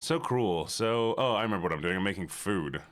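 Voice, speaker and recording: A man's voice: low-pitched, fast talker, a bit bright, dry recording, studio quality. A man streaming games and chatting casually with his viewers in a laid-back, teasing way. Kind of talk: casual chat with viewers while gaming.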